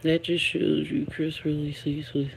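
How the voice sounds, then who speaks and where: Woman on her livestream, talks real slow and easy, laughs a lot and greets folks in chat. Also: sits low, little pitch movement, gravelly, husky. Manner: chatty and laughing, greets viewers by name. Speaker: livestream host. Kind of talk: casual live-stream chat reacting to viewer comments.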